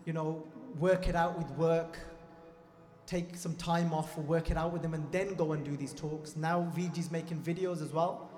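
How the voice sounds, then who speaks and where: In an echoing hall with soft music behind him, a Sikh preacher with a high-leaning, dark-toned voice preaches fervently at an ordinary pace. His pitch barely moves as he hammers lines home and talks directly to the congregation.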